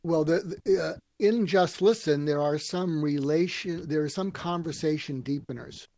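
Guy telling stories on a podcast, kinda high voice, dry mic, does little voices for quotes. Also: moderate pace, creaky, no echo. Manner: animated storyteller acting out quotes. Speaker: guest, author and speaker. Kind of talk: storytelling interview answers.

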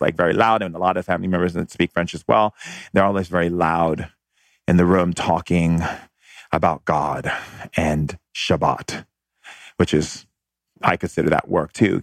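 A man telling a personal childhood story as a monologue, animated and laughing as he recalls it. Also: sits low, vocal fry, no echo, studio quality.

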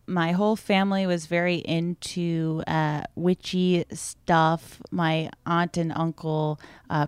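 A woman's voice: on the low side, clear, resonant tone, dry recording. A woman co-hosting a podcast, talking in a chatty, rambling way with plenty of fillers. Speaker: podcast co-host. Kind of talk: casual chat.

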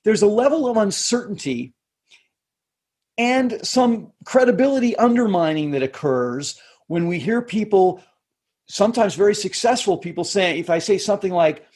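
A middle-aged man, a communications coach, explaining his points in a measured way during a podcast interview, often restarting his phrases. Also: high-pitched, animated, a little mellow, breathy edge. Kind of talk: conversational interview answers.

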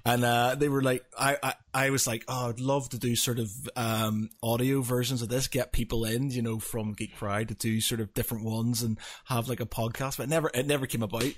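A man's voice: mid-range voice, steady tone, brisk, hardly any pauses. Rambling hesitant male podcast host. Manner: rambling, hesitant, self-deprecating. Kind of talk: casual podcast chat.

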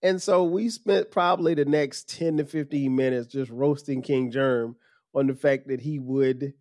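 A man, hosting a podcast and telling a story in a casual, animated way with lots of laughter. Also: mid-range voice, dry recording, clean studio sound. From South Carolina. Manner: animated, laughs often, quick restarts. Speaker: podcast host.

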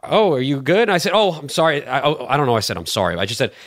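Animated young man telling a story. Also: medium pitch, rapid-fire. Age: 20s. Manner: animated, defensive, swears a lot. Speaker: podcast guest and clip shooter. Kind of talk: casual chat, storytelling.

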